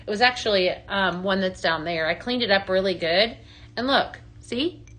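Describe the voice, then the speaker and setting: A woman's voice: medium pitch, moderate pace, fairly bright tone. A woman hosting a live product sale, talking in a rambling, upbeat way and answering viewers by name. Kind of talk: chatty live-stream selling.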